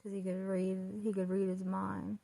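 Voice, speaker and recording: A woman chatting casually about a book while getting ready, retelling it in a rambling, excited way with restarts. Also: medium pitch, normal speed, creaky, no room sound. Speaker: vlogger.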